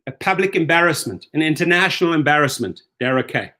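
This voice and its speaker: A man's voice: on the high side, lively intonation, quick pace, hardly any pauses, sharp tone. A middle-aged man hosting rideshare commentary, ranting angrily with profanity and repeated rhetorical questions.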